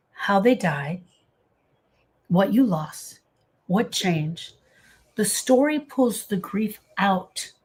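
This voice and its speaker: A middle-aged woman coaching people through grief in a casual livestream. She answers viewer comments and speaks earnestly and emphatically, calling people by name. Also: a little high. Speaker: grief coach hosting a live session.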